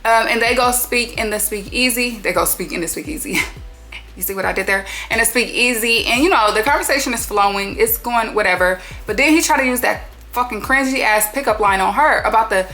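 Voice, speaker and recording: A woman hosting a reality show recap, talking in an animated, sassy way full of slang and swearing. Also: on the high side, a little fast, soft background music. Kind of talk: casual TV recap commentary.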